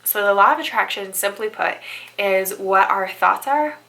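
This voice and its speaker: A woman's voice: mid-range voice, animated, normal speed, vocal fry, pushed and bright, rough recording. A young woman who works as a bridal stylist, giving upbeat, chatty motivational advice and often checking in with "right?". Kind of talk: motivational vlog talk.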